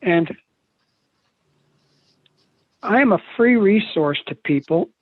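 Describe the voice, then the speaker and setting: A man's voice: sits high, animated, slow pace, no room sound. An older man giving a live motivational seminar over a video call, telling stories in a folksy, joking way. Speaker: motivational speaker. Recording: tinny, dry video call audio.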